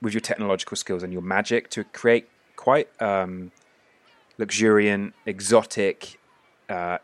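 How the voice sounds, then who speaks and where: A low-voiced man acts as game master for a tabletop game, hosting and narrating as he describes scenes at length with plenty of filler words.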